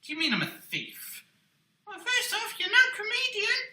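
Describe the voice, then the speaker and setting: High, bright, cheeky puppet boy full of blunt insults, put on by a man; swooping lively delivery in a roomy, echoey space. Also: moderate pace, recorded from a distance, exaggerated voice. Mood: mocking. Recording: roomy echo.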